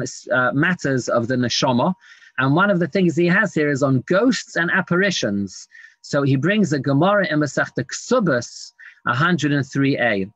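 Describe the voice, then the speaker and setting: Rabbi teaching Talmud in a dull, dry recording. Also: male voice, mid-range voice, fairly bright tone, dry recording. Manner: reads Aramaic text then explains it in English, many fillers. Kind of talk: Talmud class lecture. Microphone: screen-sharing online class.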